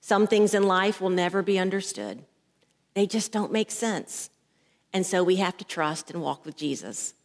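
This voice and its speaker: A woman pastor preaches a sermon through a headset mic at her ear, telling stories and acting out the voices of the people in them. Her voice is lowish and animated at a normal pace, and the recording carries a long hall reverb.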